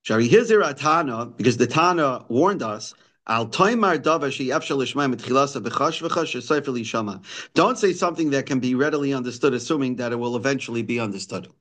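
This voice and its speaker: A man's voice: medium pitch, brisk, a bit bright. A man giving a daily Torah text lesson, reading lines and explaining them in English frequent restarts and fillers. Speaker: Torah teacher.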